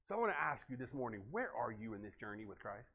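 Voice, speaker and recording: A male pastor preaching a sermon earnestly, swinging from loud to hushed. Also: medium pitch, sing-song, quick pace, gravelly.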